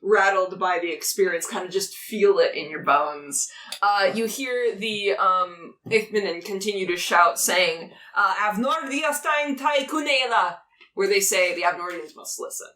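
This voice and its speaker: Woman game master for a tabletop session, halting filler-heavy narration, mic set back in an echoey room. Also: lowish voice, bright, forceful tone. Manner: hesitant, filler-heavy narration with frequent laughs. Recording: roomy, from a distance.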